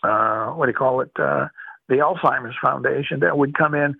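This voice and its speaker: Gravelly older man, tinny phone-like sound. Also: medium pitch, moderate pace, no room sound. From Boston. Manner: rambling, warm storytelling with many fillers. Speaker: interviewee. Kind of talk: oral history interview.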